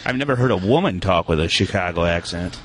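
A man's voice: low voice, animated, quick pace, a little hiss or hum. A man chatting offhandedly as co-host on a casual talk show. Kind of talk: casual talk radio banter.

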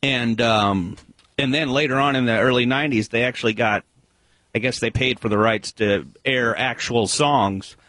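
A male radio regular tells a story in casual studio chat, pausing often and restarting his sentences. His voice is close-miked and dry, with a middle pitch. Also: fairly bright tone, no echo. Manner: hesitant, many fillers and restarts. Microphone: studio microphone.

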